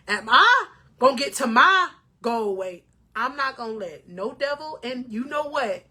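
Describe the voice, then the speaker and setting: Woman, high voice, bright, spiritual life coach, motivational talk to camera, emotional and preachy. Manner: emotional, preachy, addresses viewers as king or queen.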